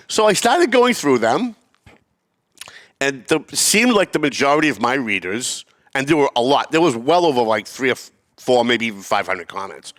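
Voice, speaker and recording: A middle-aged man hosting a podcast, telling a story in an animated, swearing rant that climbs toward yelling. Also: mid-range voice, moderate pace. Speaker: podcast host.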